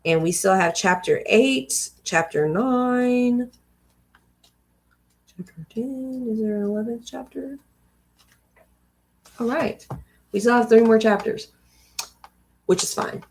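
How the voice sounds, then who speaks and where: A woman's voice: fairly high pitch, slow, long pauses. A woman hosting a livestream where she reads a book aloud and breaks off for chatty personal asides. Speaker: host reading books aloud on a livestream. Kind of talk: reading aloud with casual commentary.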